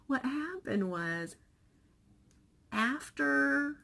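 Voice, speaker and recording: A woman's voice: sits high, extremely slow, gravelly. A middle-aged woman chatting in a personal vlog, telling a family story in an open, emotional way and acting out the dialogue. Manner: chatty and emotional, retelling dialogue with animated voices. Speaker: vlogger.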